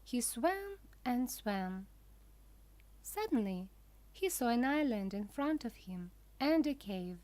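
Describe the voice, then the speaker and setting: A woman narrating a children's storybook for language learners in a careful, deliberate way. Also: a little high, sing-song, a little mellow, no room sound.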